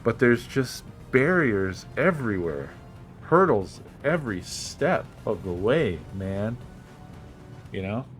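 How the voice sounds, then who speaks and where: A man's voice: on the low side, very animated, takes it slowly, faint music behind. Frustrated, swearing man on a stream. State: feeling unwell. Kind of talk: casual gaming stream chat.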